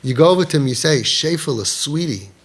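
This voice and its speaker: A man giving a passionate talk as a parenting crisis coach, animated and emphatic, mixing in Yiddish and Hebrew terms. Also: on the high side, brisk, husky.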